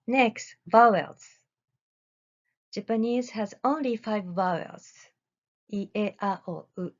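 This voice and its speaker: A woman researcher talks through an academic presentation in a mid-range voice, reading deliberately with careful pauses between phrases. Her pace is slow and unhurried. The recording is dull and lo-fi. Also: mid-range voice, a little mellow.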